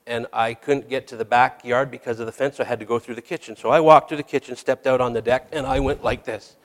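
A man's voice: medium pitch, steady tone, fast. A middle-aged man delivers a sermon in a candid, storytelling manner and makes fun of himself now and then. His voice sits in a middle register. A long hall reverb hangs behind every phrase. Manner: candid, storytelling, self-deprecating with small laughs. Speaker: hospice chaplain and preacher.

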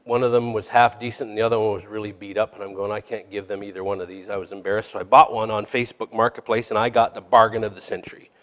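A man's voice: fairly low pitch, little pitch movement, fast talker, few pauses. A middle-aged man who works as a hospice chaplain, preaching a sermon in a candid, storytelling way with self-deprecating asides. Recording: long reverb of a hall.

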